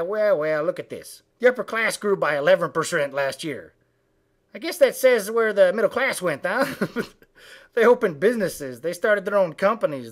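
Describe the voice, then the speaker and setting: A man voicing a foul-mouthed, indignant male frog who delivers a comic political rant with profane, shouted tirades. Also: high voice. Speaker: web comedy ranter.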